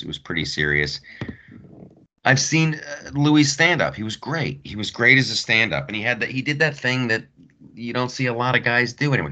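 A fairly low-voiced male comedian rambles through a casual monologue, repeating lines for effect. His delivery swings widely in pitch and has a bright, forceful edge. The audio sounds a little dull and lo-fi. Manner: rambling, repeats himself, animated storytelling. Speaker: podcast host and stand-up comedian.

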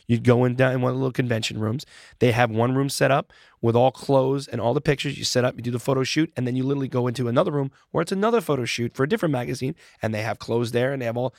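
A man in his forties chatting as an interview guest, an animated storyteller who swears casually. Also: medium pitch, vocal fry, no room sound, clean studio sound. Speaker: interview guest, former boy band singer.

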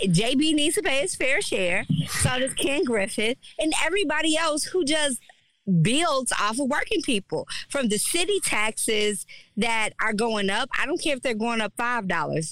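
A woman's voice: high voice, expressive, unhurried, a bit bright, no room sound, rough recording. A woman political strategist speaking as a guest on a talk show, forthright and emphatic. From Chicago. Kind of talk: casual political radio chat.

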